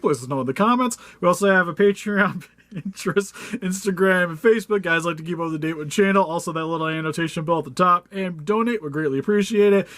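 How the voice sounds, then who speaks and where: A man's voice: high voice, fairly bright tone, no room sound. A man hosting a casual action figure review, chatty and laughing easily between loose fillers. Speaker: toy review host.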